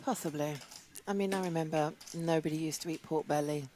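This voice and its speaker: A woman's voice: sits low, fairly even intonation, brisk, dark tone, a little hiss or hum. Chatty British woman commentating poker. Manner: chatty, laughs easily. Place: casino commentary booth. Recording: crowd chatter behind.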